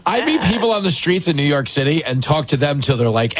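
A man's voice: fairly high pitch, big pitch swings, normal speed, slightly rough. A middle-aged man hosting a call-in radio show, chatting casually and joking about himself. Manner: chatty, jokey, self-deprecating.

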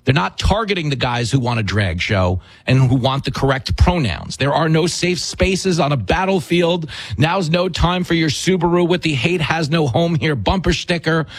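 A man's voice: on the high side, expressive, normal speed, hardly any pauses, husky, no echo, rough recording. A man hosting a talk show, delivering combative, rhetorical political commentary with mocking asides.

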